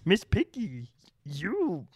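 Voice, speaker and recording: A man voicing a croaky, lecherous little Yoda-like creature, talking in slow, halting, wooing lines. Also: high voice, huge pitch swings, pitched above the performer's own voice, full character voice. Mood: leering.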